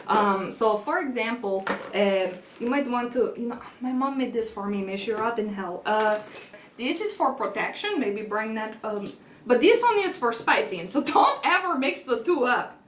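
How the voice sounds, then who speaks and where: A pushy, morbid skeleton tour guide. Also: female voice, lively intonation, moderate pace, slight background noise. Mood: confiding. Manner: chatty salesy pitch, swings between loud and hushed. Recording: roomy sound from a distance.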